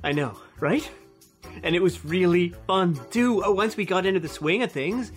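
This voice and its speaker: A woman's voice: lowish voice, moderate pace, faint music behind. A young woman acting an eager, flustered novice baker in a comedy, tumbling over her words. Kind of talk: comedic radio drama acting.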